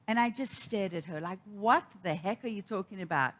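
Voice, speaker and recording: A woman's voice: mid-range voice, normal speed, fairly bright tone. A middle-aged woman giving a sermon, telling a personal story and acting out the quoted voices. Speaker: minister.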